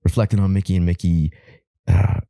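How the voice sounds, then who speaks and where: A man from Alaska talks as a podcast guest in a very low, mellow voice. He rambles through his stories with lively energy and salty language. The sound is close and dry, with no room around it. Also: brisk, vocal fry, no echo. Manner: rambling, animated storyteller who swears freely. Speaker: podcast guest, wildland firefighter. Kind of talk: casual podcast conversation.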